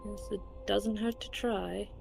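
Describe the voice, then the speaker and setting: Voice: mid-range voice, fairly even intonation, a little slow, creaky, faint music behind. A player in a tabletop game, talking in a practical, matter-of-fact way. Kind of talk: casual tabletop play.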